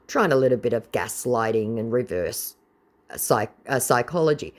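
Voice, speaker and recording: A woman's voice: very deep voice, animated, moderate pace, a little mellow. A woman hosting a channel, reading a chat exchange aloud with sarcastic, mocking commentary. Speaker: channel host.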